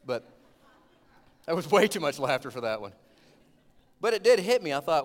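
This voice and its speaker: A man, preaching a sermon as a lively storyteller who gets loud when retelling scenes. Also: fairly high pitch, normal speed, pauses often. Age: 20s. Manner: storytelling, animated, rising to shouts in retold scenes. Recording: long hall reverb.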